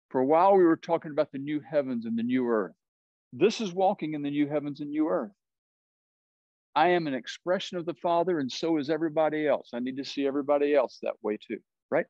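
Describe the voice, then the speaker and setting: A man's voice: fairly high pitch, a little mellow, dry recording, muffled recording. A man with a Southern US accent teaching a Bible study, explaining words and often checking in with "right?".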